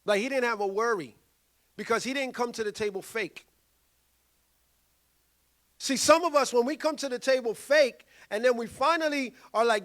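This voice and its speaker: A male pastor, preaching a sermon in an animated way and acting out quoted voices. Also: very high voice, moderate pace, pauses often. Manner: animated, acts out quoted voices, loud bursts.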